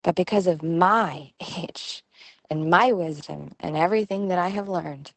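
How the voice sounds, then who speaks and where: Podcast host, middle-aged woman, slightly low voice, dry close sound, animated storyteller. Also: a little slow, vocal fry, no echo. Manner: lively storytelling, acts out quoted voices. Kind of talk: storytelling monologue.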